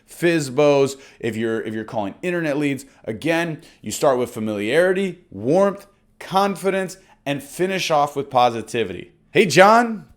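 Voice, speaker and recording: A young man coaching real estate agents on cold-call scripts, speaking energetically and confidently. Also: a little high. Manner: energetic, confident, demonstrates lines aloud. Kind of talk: course lesson on phone scripts.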